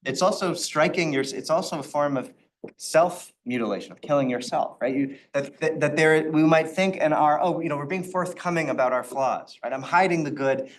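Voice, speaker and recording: A man's voice: on the high side, a little hiss or hum. A rabbi teaching an informal Torah study class, talking in a conversational way and acting out the quotes in the stories he tells. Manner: conversational, with frequent restarts and acted-out quotes.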